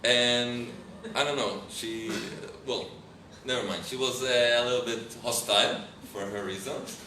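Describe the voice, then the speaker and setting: A man's voice: mid-range voice, steady tone, measured pace, bright, forceful tone. A man, a rabbi telling a story to a live audience, often searching for English words. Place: lecture hall with audience. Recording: roomy hall, far mic, background noise.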